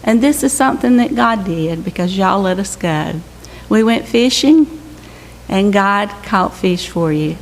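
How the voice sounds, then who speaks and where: A woman's voice: medium pitch, lively intonation, unhurried. An older woman giving an earnest, exhorting church testimony about a mission trip. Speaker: mission team member reporting to her church. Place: church sanctuary. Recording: echoey church hall with faint hiss.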